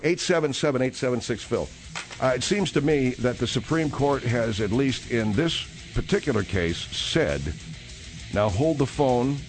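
A male radio host in a studio, talking with brisk, wry energy and cutting in on his guests. His voice rises and falls a lot, and faint music sits behind him. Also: medium pitch, animated. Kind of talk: comic talk radio hosting.

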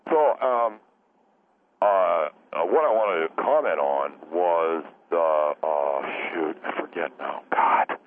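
A man's voice: sits low, slow. A man playing a forgetful, rambling young caller who keeps apologising and losing his train of thought. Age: young adult. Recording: tinny phone line with faint noise.

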